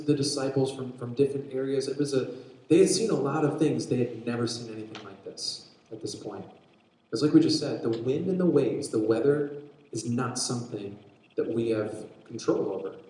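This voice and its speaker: A man preaching a sermon, retelling a story in an animated way with frequent restarts. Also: mid-range voice. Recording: very echoey room.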